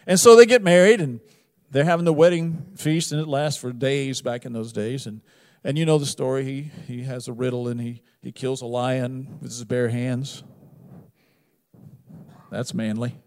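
A man preaching a sermon, retelling a Bible story with wry humor and big swings between loud emphasis and quiet asides. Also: medium pitch, moderate pace. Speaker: pastor.

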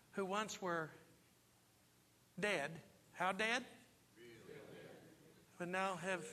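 Bright, high-voiced preaching man. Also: big-room sound. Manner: emphatic preaching with repeated rhetorical questions. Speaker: pastor. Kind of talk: sermon. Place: church sanctuary.

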